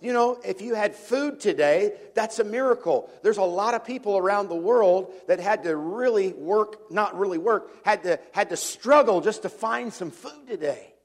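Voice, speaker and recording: A middle-aged man with a notably high speaking voice preaches a sermon in church. He talks conversationally, throws questions out to the congregation and often repeats words as he finds his way. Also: lively intonation, normal speed, hardly any pauses. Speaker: pastor.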